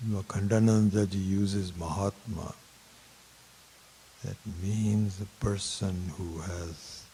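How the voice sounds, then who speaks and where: A man teaching a Vedanta class, telling a story slowly with many pauses and fillers. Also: low-pitched, vocal fry, warm tone, slight background noise. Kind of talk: spiritual lecture with story.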